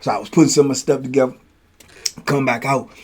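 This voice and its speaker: A man telling stories from prison in a casual, animated way, acting out blows with sound words. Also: mid-range voice, fast, breathy edge. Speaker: storyteller, host.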